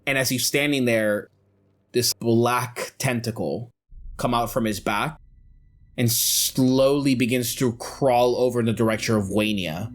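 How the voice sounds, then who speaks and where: A young adult man narrating a tabletop game as game master, with measured, descriptive delivery. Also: mid-range voice.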